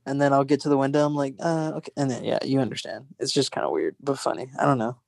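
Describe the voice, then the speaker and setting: A man's voice: mid-range voice, fast talker, creaky, dry recording. A young man co-hosting a casual chat with friends, rambling through stories with lots of "like" and frequent laughter. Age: young adult. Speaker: podcast co-host.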